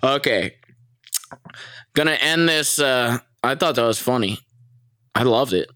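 A young man from the United States telling a story in a casual, animated and profane way, laughing often. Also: unhurried, no echo, studio quality. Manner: animated, profane, laughs often, mimics people in high voices. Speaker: vlogger.

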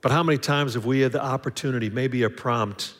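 A man's voice: mid-range voice, a little fast, big-room sound. A man preaching a sermon in a conversational way, acting out little dialogues and often restarting his sentences. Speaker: pastor.

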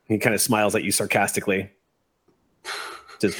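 A man's voice: mid-range voice, normal speed. A man narrating and running a tabletop role-playing game as game master, in a casual, easygoing way with laughs between the rules.

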